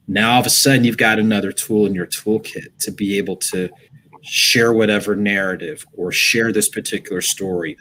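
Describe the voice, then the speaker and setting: Man, lowish voice, easygoing and encouraging, faint background noise. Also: a bit bright, rough recording. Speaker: audiobook session host, guest. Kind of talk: interview answer. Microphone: video call.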